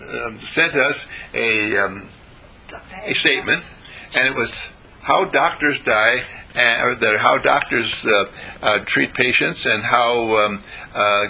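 A man's voice: mid-range voice, creaky, bright, forceful tone, a little hiss or hum, rough recording. An older American man giving a rambling, folksy spiritual talk to students, full of fillers and restarts. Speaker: spiritual teacher. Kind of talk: informal sermon to students.

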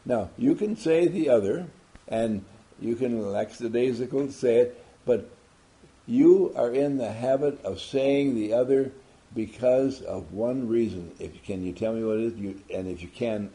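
Speaking to a group, a man gives a forceful motivational talk packed with rhetorical questions. His voice is medium-pitched, dark in tone, and a little slow.

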